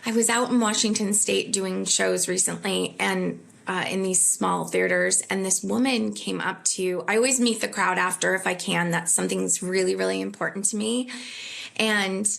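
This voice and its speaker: A woman's voice: medium pitch, steady tone, normal speed, creaky, fairly bright tone. A woman comedian being interviewed, telling candid stories in an earnest, self-deprecating way. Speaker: comedian guest. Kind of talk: conversational interview.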